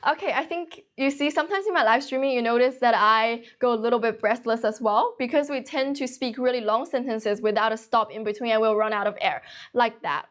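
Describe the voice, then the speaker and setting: A young woman in her late teens hosting a casual livestream, talking quickly and continuously with few pauses. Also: a little high. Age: young adult. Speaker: livestream host teaching English.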